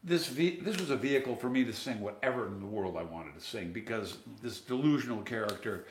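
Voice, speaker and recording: An interview guest with an animated mid-range voice tells chatty stories about his singing lessons, talking a little fast and sometimes singing a line to demonstrate. The room is echoey, with a bit of hiss or hum.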